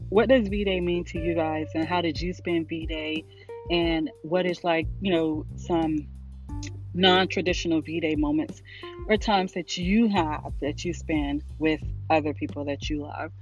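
A woman's voice: sits low, fairly even intonation, measured pace. Middle-aged woman, podcast host, casual rambling monologue, emotional, laughs often, dull lo-fi sound. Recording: dull lo-fi recording, faint music.

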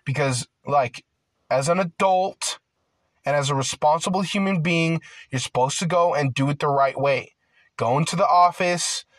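A young man in a casual ranting monologue, rambling with constant filler words and swearing, growing loud and heated at times. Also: a little high, dry recording. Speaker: vlogger.

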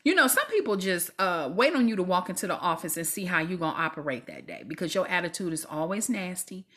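Husky woman preaching on a podcast. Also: on the low side, very animated, fast. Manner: preachy, exhortative, dips into soft whispers. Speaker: podcast host. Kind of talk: faith-based podcast talk.

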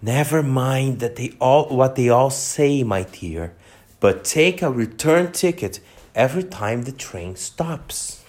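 A man doing a pompous, slow-talking paper gentleman. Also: mid-range voice, expressive. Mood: confiding. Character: fussy gentleman dressed in white paper.

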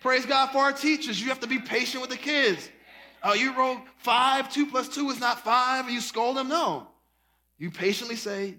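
A man's voice: extremely high pitch, moderate pace. A man preaching a sermon, casual and folksy, addressing the congregation as y'all and breaking into song. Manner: animated preaching, breaks into singing and shouting. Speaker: pastor.

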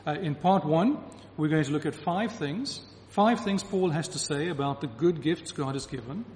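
A man with a fairly high, darkish voice preaches to a congregation at a moderate pace, emphatically repeating key phrases to drive his point home. The reverberant hall carries faint ambience and slight background noise.

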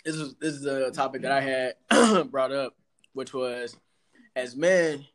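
A man's voice: medium pitch, measured pace. A man co-hosting a podcast, talking in a laid-back, blunt, reflective way. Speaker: podcast co-host. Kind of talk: casual chat.

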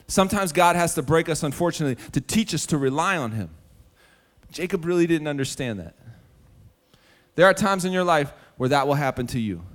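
Animated, fairly high-voiced male preacher. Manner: animated storytelling with sudden drops to a hushed, earnest tone; direct address to the congregation. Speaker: preacher and musician. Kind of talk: sermon.

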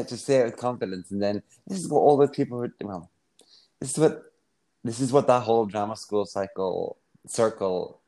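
Young male guest, warm mellow voice, relaxed and giggly. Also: on the low side. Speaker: podcast guest, actor and writer. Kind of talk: casual chat between friends. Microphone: remote call app.

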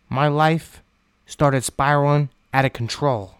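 A man shares his personal recovery testimony in a blunt, unpolished way, letting a few curse words slip. His voice sits a touch high and comes through smooth and clear. The sound is dry and close, with no room around it. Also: measured pace, long pauses, no echo. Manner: blunt, candid storytelling with casual swearing.

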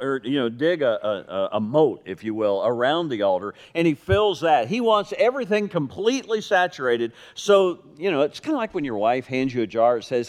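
A male pastor preaches to his congregation, swinging his pitch up and down as he acts out the quoted lines. He mixes in wry asides and jokes. His voice carries a long reverb from the sanctuary. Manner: animated storytelling with quoted voices and dry jokes. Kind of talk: sermon. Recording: reverberant hall.

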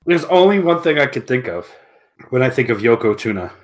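Male podcast co-host, mid pitch, giggly joker with deadpan asides. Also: brisk. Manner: jokey, giggly, self-deprecating. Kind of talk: casual chat.

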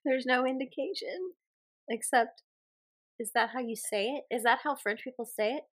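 A woman's voice: sits high, normal speed. A woman with a Southern US accent, co-hosting a podcast in casual chat, talking in a reflective, earnest way that trails off with fillers. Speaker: podcast co-host.

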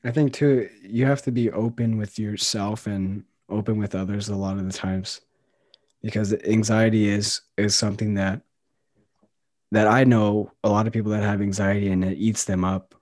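A man's voice: fairly low pitch, steady tone, normal speed, darkish tone, no room sound, clean studio sound. A man co-hosting a podcast, talking earnestly and reflectively in casual chat with many fillers. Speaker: podcast co-host.

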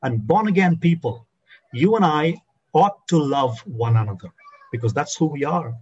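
A man preaching a sermon as a pastor, slowing and dropping his voice low to stress key phrases. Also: lively intonation, a little mellow, breathy edge, dull audio.

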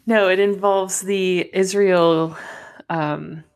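A young woman with a slightly low voice tells a story in relaxed conversation. She is animated and slips into the voices of the people in her story. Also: takes it slowly. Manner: animated storyteller who acts out dialogue. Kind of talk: casual chat.

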